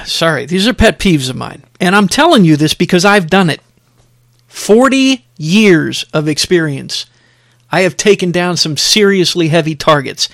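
A middle-aged man delivers sermon-like podcast talk in an emphatic, exhorting style. He drives his points home by repeating phrases. His voice sits fairly high, and the recording is close and dry. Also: animated, unhurried, creaky, a bit bright, dry recording. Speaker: podcast host.

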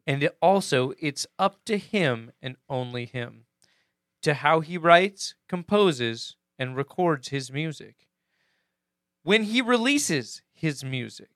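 Lively, bright-voiced man chatting. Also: a little high, takes it slowly, no room sound, studio quality. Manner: joking, animated, swears a lot. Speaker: podcast co-host. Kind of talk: casual chat.

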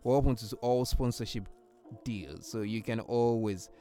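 A man with a Nigerian accent hosting a casual chat, excitable and laughing often, slipping into Yoruba. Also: medium pitch, moderate pace. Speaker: host. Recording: music playing behind.

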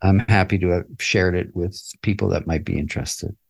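Older guy with a gravelly low voice, rambling reflective interview stories, lots of uhs. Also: fairly even intonation, normal speed. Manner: reflective, chuckling, many fillers and restarts. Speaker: interview guest, musician and author. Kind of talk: casual interview storytelling.

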